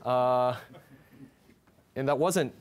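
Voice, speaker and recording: A young man presenting his photographs in a talk, speaking in a halting, heartfelt way with many restarts and fillers. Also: medium pitch. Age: young adult.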